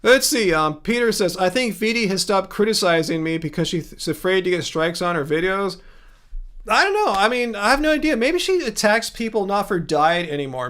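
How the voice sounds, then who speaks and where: A man with a high-pitched voice hosts a casual livestream and talks straight to his viewers. He rambles in a chatty way, restarting sentences and filling gaps with ums as he reads comments aloud. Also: a bit bright. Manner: rambling, chatty, frequent fillers and self-corrections. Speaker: livestream host.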